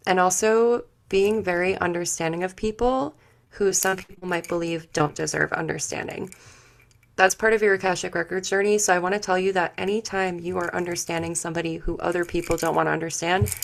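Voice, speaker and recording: A woman giving an intuitive spiritual reading to a group, speaking haltingly and searching for words with many fillers. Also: on the low side, creaky. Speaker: spiritual session leader.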